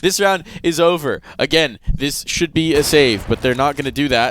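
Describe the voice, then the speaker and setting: A man's voice: fairly high pitch, moderate pace, hardly any pauses. Guy casting esports live, chatty then fired up on big plays, bit of hiss. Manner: chatty, bursts of excited play calls. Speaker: esports caster. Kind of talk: live play-by-play commentary. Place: live tournament broadcast desk.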